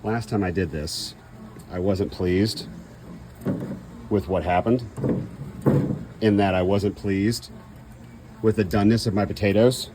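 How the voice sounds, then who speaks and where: A man's voice: lowish voice, slow, pauses often, noisy background. A man in a casual cooking vlog, chatty and self-deprecating, thinking aloud as he grills outdoors. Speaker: home cook.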